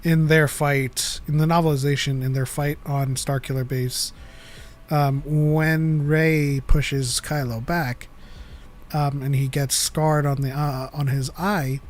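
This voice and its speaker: Higher-voiced man explaining in detail. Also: flat delivery, slow pace, faint music behind. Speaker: podcast co-host. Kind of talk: casual fan chat.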